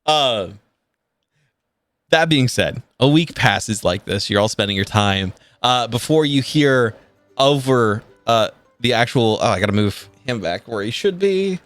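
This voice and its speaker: Man, game master, casual rambling narration, mid pitch, dry recording, faint music underneath. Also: animated, measured pace, fairly bright tone, dry recording. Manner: casual, rambling, heavy use of filler words.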